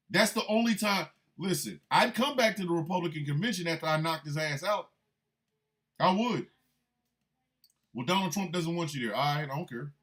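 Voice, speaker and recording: A man's voice: a little high, a bit bright. A man hosting a show of comedic political commentary, talking in an emphatic, mocking way. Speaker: host.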